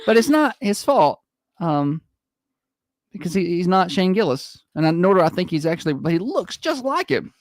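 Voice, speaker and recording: A man's voice: high voice, big pitch swings, normal speed, dry recording. A man hosting a morning radio show with a Southern American accent, joking through casual banter. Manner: joking, does old-timey announcer voices.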